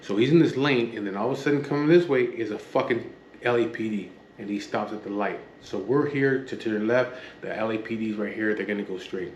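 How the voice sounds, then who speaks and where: A man's voice: on the low side, a little fast, dull audio, slight background noise. Blunt, profane man. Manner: blunt and profane, acts out the dialogue. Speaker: storyteller recounting his past. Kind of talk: casual spoken storytelling. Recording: roomy with faint background ambience.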